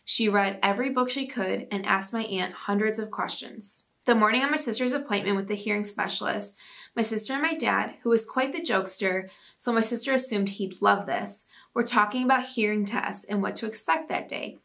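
Bright-voiced mom podcast host, chatty, laughs a lot reading stories. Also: female voice, medium pitch, fairly quick, creaky. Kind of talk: reading listener stories aloud.

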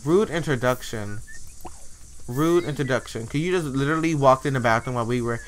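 A man commentating gameplay casually, animated and sassy, voicing the characters' thoughts with mock swearing into a desk microphone. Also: mid-range voice, a little fast. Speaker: let's play host. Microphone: desk USB microphone.

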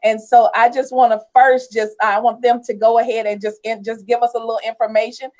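A woman's voice: a little high, little pitch movement, brisk, darkish tone. Effusive woman host, preachy. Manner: effusive, preachy, repeating amens. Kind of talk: hosting a ministry talk show.

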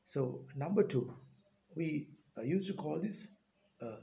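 A man with a Sri Lankan English accent teaching a pronunciation lesson, repeating each word slowly and deliberately. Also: a little high, lively intonation, creaky, dark tone.

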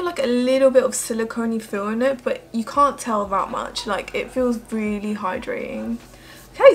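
A young woman chatting through a makeup tutorial as a beauty vlogger, gushing and emotional. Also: a little high. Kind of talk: casual makeup tutorial chat.

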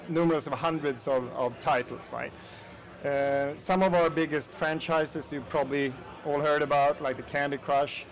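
A man's voice: on the high side, poor audio. Swedish-accented man giving a casual presentation. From Sweden. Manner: chatty, addresses the audience directly with frequent fillers. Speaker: conference presenter. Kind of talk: casual conference talk. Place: conference hall.

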